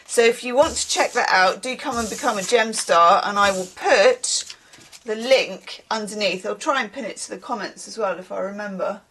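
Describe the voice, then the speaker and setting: A woman's voice: medium pitch, normal speed, fairly bright tone, husky. A woman giving a casual, rambling tarot reading to her viewers, chatting and laughing as she goes. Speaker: tarot reader.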